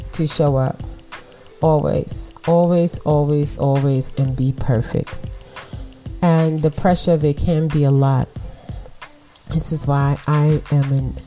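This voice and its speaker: Emphatic woman with a mellow low voice. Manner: emphatic, repeats words for stress, laughs often. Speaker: podcast host and mother. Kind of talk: casual motivational monologue.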